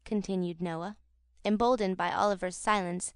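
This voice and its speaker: A woman reads a classic novel aloud in a measured, dramatic audiobook style. Her pitch is mid-range for a woman, and the recording is dry and close with no room sound. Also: dry recording. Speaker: audiobook narrator. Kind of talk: expressive audiobook narration.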